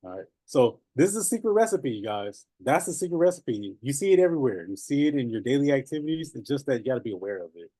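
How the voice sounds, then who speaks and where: A man coaching notaries in a casual, animated talk, laughing often and repeating phrases. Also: medium pitch, fast, hardly any pauses, no echo.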